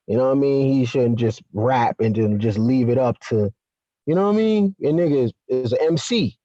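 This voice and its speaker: A man chatting as a guest on a talk show, animated and slangy, with lots of fillers. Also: mid-range voice, normal speed, dry recording, highs cut off. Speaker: podcast guest. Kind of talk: casual conversation.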